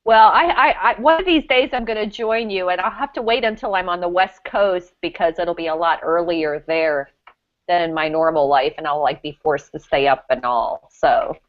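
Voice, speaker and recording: A woman co-hosting a casual video-call chat, teasing and quick with interjections. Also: fairly low pitch. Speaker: co-host. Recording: muffled lo-fi video-call audio.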